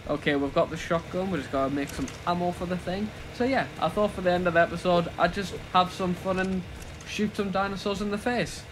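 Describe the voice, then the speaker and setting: A young British man commentating his own gameplay, excitable and self-mocking, jumping between chatter and panicked shouts. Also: high-pitched, fairly quick, noisy background. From Britain. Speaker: gaming YouTuber.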